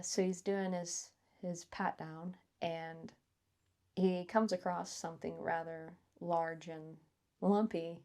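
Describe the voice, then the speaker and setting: A woman's voice: low voice, gravelly, a little mellow. A woman co-hosting a podcast, telling a work story in a rambling, laughing way with lots of fillers. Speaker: podcast co-host. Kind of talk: casual storytelling chat.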